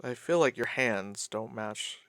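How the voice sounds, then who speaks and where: A streamer giving a live reaction to a movie, animated, laughing often, swearing and mocking voices. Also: medium pitch, unhurried, loud music behind the voice.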